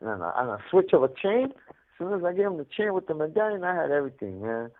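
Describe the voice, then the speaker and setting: A man's voice: fairly high pitch, sing-song, fast. Man, streetwise slang, tinny prison phone line. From Mexico. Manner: streetwise slang, laughs often, acts out voices. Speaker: incarcerated caller. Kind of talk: storytelling over a phone call. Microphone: prison telephone.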